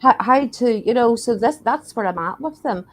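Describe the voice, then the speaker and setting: A woman's voice: fairly high pitch, expressive, normal speed, a little hiss or hum, low-quality recording. An older Scottish woman telling stories in casual chat on a video call, acting out the voices of the people she quotes. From Scotland. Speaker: paranormal investigator guest.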